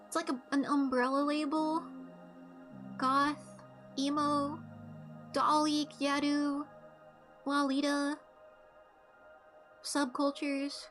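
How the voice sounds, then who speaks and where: A woman's voice: high voice, flat delivery, slow, long pauses, fairly bright tone, soft background music. A young woman streaming a game while telling stories in a blunt, profane, casual way.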